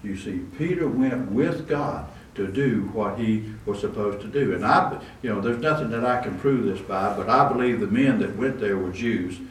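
Preaching in a church with a lowish voice, this man talks at normal speed with few pauses, his sermon conversational and dotted with asides and restarts. Faint room noise and a roomy echo come through a distant microphone.

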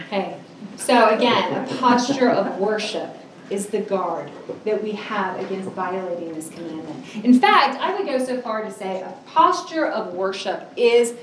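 A woman's voice: medium pitch, a little hiss or hum. Woman preaching, echoey from a distance. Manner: earnest, emphatic, with drawn-out stresses. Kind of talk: sermon.

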